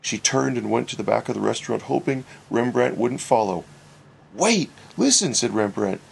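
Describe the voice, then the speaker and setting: A man reading a humorous story aloud, wry and expressive. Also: lowish voice, fairly quick, vocal fry, a little hiss or hum. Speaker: narrator. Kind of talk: storybook narration.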